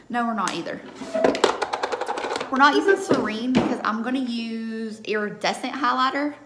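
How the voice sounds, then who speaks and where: A woman's voice: fairly high pitch, normal speed, long pauses, very noisy. A young woman chatting through a live makeup tutorial at home, checking in with her viewers after nearly every step. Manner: chatty, keeps checking in with "okay?". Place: home room under a ring light. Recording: echoey room.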